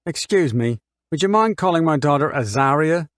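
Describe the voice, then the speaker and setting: Reading an audiobook, a man pitches his natural voice higher than his own, with lively intonation, at normal speed, to portray a woman on the witness stand. She's a mother, indignant, giving scornful, precise and argumentative answers. The recording is clean studio sound with no echo.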